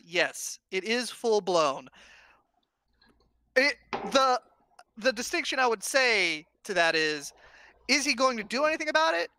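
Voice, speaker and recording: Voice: mid-range voice, pushed and bright, no echo. A host in a casual online discussion over a video call, arguing points and restarting phrases while thinking them through.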